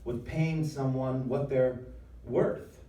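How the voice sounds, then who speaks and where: A former pastor giving a conversational, emphatic talk at a live event, acting out voices with humor. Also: male voice, mid-range voice, fairly even intonation, slow pace, warm tone. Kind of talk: preaching talk. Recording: roomy hall sound, mic at a distance.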